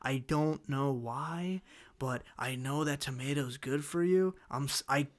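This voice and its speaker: A man's voice: medium pitch, measured pace. A man hosting a casual solo talk show, rambling through food complaints with many restarts, fillers and exasperated outbursts. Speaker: host.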